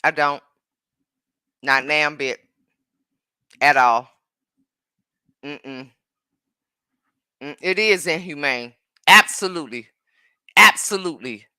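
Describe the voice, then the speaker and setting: A woman's voice: low-pitched, slow, pauses often, bright, forceful tone, smooth, no room sound, studio quality. A woman chatting emphatically on a phone livestream from home, repeating herself and answering commenters. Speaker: live streamer. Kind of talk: casual live-stream chat.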